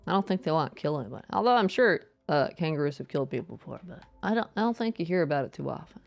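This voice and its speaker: Low-voiced southern woman streaming a game, kinda gravelly, rambly chatter full of uhs, faint game music underneath. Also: very animated, racing. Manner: rambling, chatty, trails off with stammered fillers. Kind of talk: casual chat while playing a video game.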